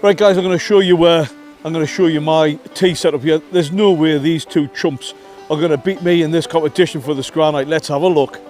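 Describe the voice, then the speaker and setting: A man hosting a casual outdoor camping vlog, joking and calling the viewers ladies and gentlemen. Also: on the high side, fairly even intonation, brisk, faint music behind. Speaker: vlog host. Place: outdoors at a windy campsite.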